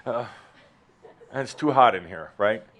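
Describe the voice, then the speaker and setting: A man speaks at a middle pitch to a live audience in a hall, giving a spiritual talk. He is playful and provocative, jumping suddenly from quiet remarks to loud, high exclamations. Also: animated, unhurried. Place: warm hall with doors, in front of an audience.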